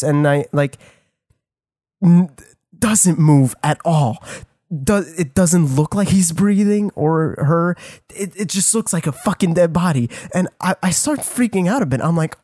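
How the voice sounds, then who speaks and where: A man's voice: fairly high pitch, expressive, a little slow, warm tone, dry recording, clean studio sound. A man telling a rambling story on a casual podcast, restarting his sentences often and swearing a lot. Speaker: podcast co-host.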